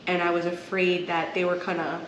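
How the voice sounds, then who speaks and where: A podcast co-host shares personal stories in casual chat, earnest, open, and emotional. Her voice is fairly low with little pitch movement and a slightly fast pace, recorded in an echoey room with faint noise.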